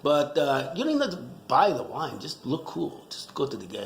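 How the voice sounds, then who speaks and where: A middle-aged man with a gravelly, rough-edged voice, rambling through a joking, self-mocking rant. His pitch swings up and down freely as he riffs, and the sound bounces around an echoey room. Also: huge pitch swings, a little fast, a little hiss or hum. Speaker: wine vlogger. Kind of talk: casual comedic rant.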